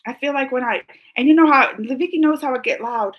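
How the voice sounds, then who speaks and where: A woman livestream host with a high, brisk voice chats casually while reading viewer comments. She laughs and calls viewers by name, though her throat keeps catching and she coughs.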